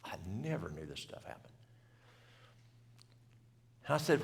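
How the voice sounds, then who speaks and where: A middle-aged health seminar speaker shares a story with a church crowd using plain country talk. His gravelly, lowish voice has a sing-song lilt, a measured pace and long pauses, all ringing in a reverberant church hall.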